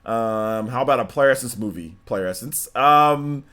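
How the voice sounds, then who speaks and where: A young man hosting a gaming livestream in casual chat, rambling and excitable, laughing often and answering questions from chat. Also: medium pitch, moderate pace.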